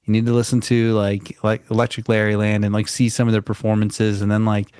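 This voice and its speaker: Laid-back podcast co-host, a man, fairly low voice. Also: monotone, a little mellow, smooth, no room sound, studio quality. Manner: loose, halting, says "like" often. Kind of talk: casual music podcast chat.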